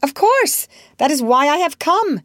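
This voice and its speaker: A woman's voice: fairly high pitch, wildly swooping pitch, a little slow, no room sound, studio quality, pitched above the performer's own voice, heavily acted. A woman reading aloud and voicing an eager, demanding boy who never grew up. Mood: insistent. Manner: bold, demanding, then frightened. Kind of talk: storybook reading.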